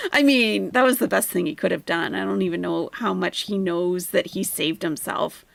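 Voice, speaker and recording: A woman's voice: fairly low pitch, moderate pace, creaky, dry recording. A woman hosting a reaction commentary, wry and amused, talking at her computer close to the mic. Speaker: commentary host.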